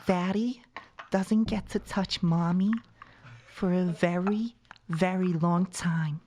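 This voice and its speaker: A woman in a film clip speaking in a slow, teasing and seductive way. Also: on the low side, steady tone, mellow, a little hiss or hum.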